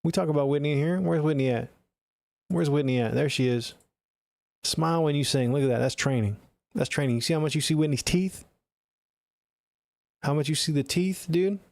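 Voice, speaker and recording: Dude giving music feedback on stream, swears a lot, chatty, dry close mic sound. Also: male voice, fairly high pitch, fairly quick, creaky, long pauses, darkish tone, no room sound. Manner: blunt, profane, chatty coaching. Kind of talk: casual live-stream critique.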